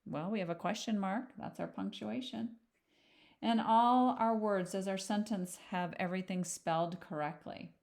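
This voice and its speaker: A reading teacher with a medium-pitched, creaky voice gives young children a slow, gentle phonics lesson. She patiently sounds out letters and words one at a time.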